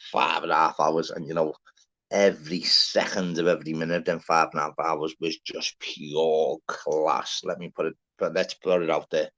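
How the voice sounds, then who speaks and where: A man hosting a live stream, giving rambling, swear-filled shout-outs to listeners in a casual chat. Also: a bass voice. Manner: chatty, swears freely, rambling. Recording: dull lo-fi sound.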